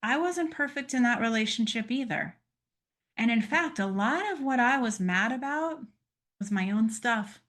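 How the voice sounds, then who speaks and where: A woman astrologer giving a weekly forecast talk, speaking in a gentle, earnest, coaching way and laughing easily between points. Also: fairly high pitch, animated, normal speed.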